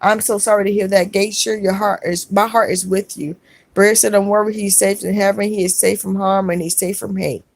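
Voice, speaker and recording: A woman hosting a live stream, reading viewer comments aloud and answering them in a gentle, consoling way, calling people sweetheart and baby. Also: mid-range voice, level tone, fairly quick, gravelly, dry recording. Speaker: vlogger reading live chat.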